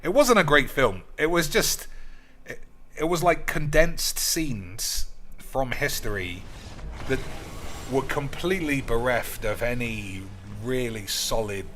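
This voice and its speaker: A man chatting through his card game stream in a crisp, bright voice, rambling from one subject to another. He swears constantly, keeps his talk crude, and calls his viewers boys. A faint hiss sits under the recording. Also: medium pitch, animated, unhurried. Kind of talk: casual gameplay commentary.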